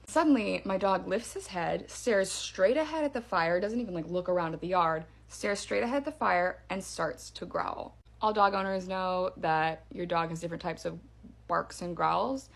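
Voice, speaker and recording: A woman's voice: on the low side, moderate pace, creaky. A woman casually telling a first-person scary story in a chatty way, with fillers and restarts.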